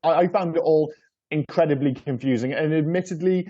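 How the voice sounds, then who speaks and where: Rambling man with a mellow voice. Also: fairly high pitch, brisk, dull audio. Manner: rambling, repeats words, swears casually. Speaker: podcast co-host. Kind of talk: casual film review chat.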